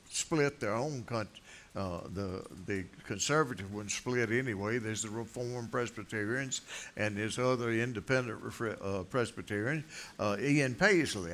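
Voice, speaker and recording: An older man preaching in a folksy, rambling way, full of asides and jokes at his listeners' expense. He stops and restarts often and leans on fillers as he thinks aloud. His voice sits at an ordinary middle pitch for a man. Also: fairly bright tone. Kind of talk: folksy sermon.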